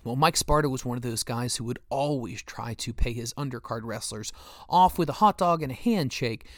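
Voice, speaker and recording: Male memoir narrator, steady storyteller, medium pitch, dry booth. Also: normal speed, no echo. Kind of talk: first-person memoir narration.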